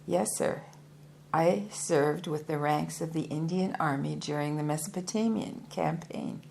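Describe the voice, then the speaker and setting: A woman's voice: deep voice, unhurried, gravelly, darkish tone, a little hiss or hum. A woman voicing a proud, hefty male yogi and former soldier who speaks formally and politely, calling his listener sir. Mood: earnest.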